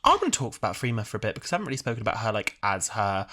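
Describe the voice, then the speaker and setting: A man in his twenties co-hosting a podcast in animated, giggly casual chat. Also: fairly low pitch. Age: 20s. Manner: animated, giggly, slips into quick impressions of characters. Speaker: podcast co-host.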